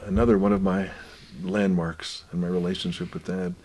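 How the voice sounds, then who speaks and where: An older man gently telling family stories in an unhurried, reflective way, his voice often dropping quiet. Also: deep voice, little pitch movement. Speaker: guest author.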